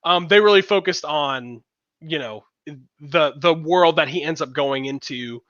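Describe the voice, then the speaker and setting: Chatty man with a bright voice. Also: fairly high pitch, a little slow, no room sound, highs cut off. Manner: rambling, with many fillers and restarts. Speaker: podcast co-host. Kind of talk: casual chat.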